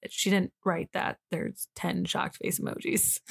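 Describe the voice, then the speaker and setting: A woman co-hosting a podcast, retelling a story in casual chat, quoting its people with sudden jumps in pitch and cursing freely. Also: expressive, slow, gravelly, breathy edge. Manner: reads a story aloud and quotes its people with sudden high jumps; swears freely and laughs between lines. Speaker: podcast co-host.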